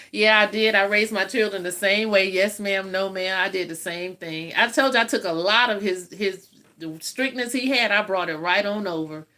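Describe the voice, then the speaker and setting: Woman, 50s, livestream host; bright, forthright voice, folksy chat with frequent laughs. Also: medium pitch, moderate pace. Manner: chatty, laughs often, folksy storytelling. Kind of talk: casual live chat with viewers.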